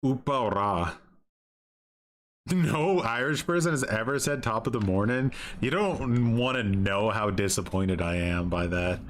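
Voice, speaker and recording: A man's voice: on the low side, normal speed, few pauses. A man chatting casually and teasing while streaming a game live, joking around and trying out playful phrases.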